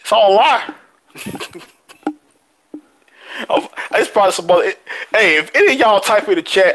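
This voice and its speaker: A man co-hosting a casual podcast chat, excitable and quick to laugh, swearing freely as he rants. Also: sits high, low-quality recording. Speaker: podcast co-host.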